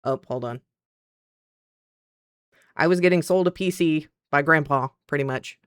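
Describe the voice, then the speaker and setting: A woman streamer chatting casually at her PC, telling a story in an animated way and acting out the other people's lines. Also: low voice, a little slow, dry recording. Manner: animated, acts out quoted dialogue. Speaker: streamer and content creator.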